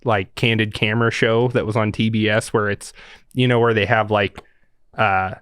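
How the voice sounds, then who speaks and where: A man's voice: fairly low pitch, little pitch movement, normal speed, fairly bright tone, smooth, no room sound, clean studio sound. A man co-hosting a podcast, telling stories in a loose, rambling way with plenty of fillers. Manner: rambling storyteller, lots of fillers. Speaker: podcast co-host. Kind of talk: casual chat.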